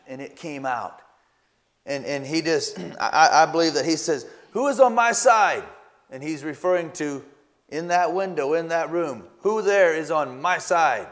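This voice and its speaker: Male preacher, sermon, earnest, stops and restarts often, reads old scripture aloud. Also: on the high side. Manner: earnest, halting delivery with frequent restarts and repeated words.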